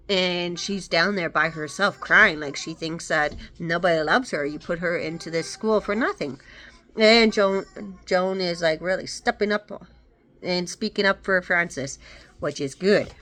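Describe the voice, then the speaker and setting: Bright-voiced woman chatting about a book. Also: fairly low pitch, unhurried. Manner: rambling, self-correcting retelling. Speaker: book reviewer. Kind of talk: casual book review. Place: home with dogs.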